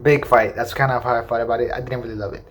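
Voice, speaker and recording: Fast-talking rambling male movie reviewer. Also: medium pitch, fairly even intonation, fairly bright tone. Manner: rambling, enthusiastic, heavy filler words. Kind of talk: casual spoiler review.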